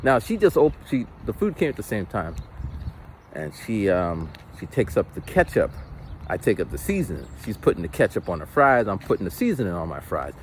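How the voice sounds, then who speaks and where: Man, casual rambling storyteller, lively swinging intonation, faint noise. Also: on the low side, fairly quick. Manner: rambling, animated, many restarts, acts out voices. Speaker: vlogger.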